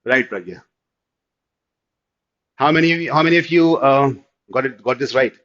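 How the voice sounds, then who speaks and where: A man with an Indian English accent teaching an online class, explaining step by step and often asking whether it is clear. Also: mid-range voice, unhurried, fairly bright tone. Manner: explanatory, checks understanding with repeated "clear?", mixes in Hindi. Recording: slightly dull lo-fi audio.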